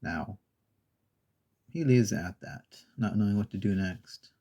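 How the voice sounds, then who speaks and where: A man with a gravelly, breathy voice, retelling a children's story as a soft-spoken ASMR host, slow and meandering with pauses. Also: lowish voice.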